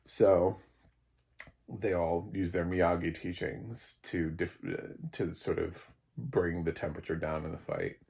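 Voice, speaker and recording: A man's voice: low voice, level tone, unhurried, gravelly, darkish tone. A man giving a casual, rambling recap and review of a TV episode, with many fillers and chuckles. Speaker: film critic.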